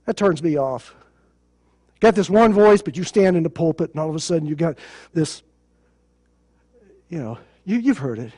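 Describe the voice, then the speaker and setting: A man's voice: high voice, sing-song, normal speed, long pauses. A male pastor preaching a sermon in a plain conversational way, with sarcasm and rhetorical questions.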